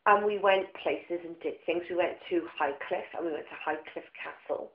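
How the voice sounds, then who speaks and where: A woman co-hosting a casual podcast chat, talkative and quick to laugh. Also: fairly low pitch. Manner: chatty, laughs easily. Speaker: podcast co-host. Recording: roomy, dull lo-fi room sound.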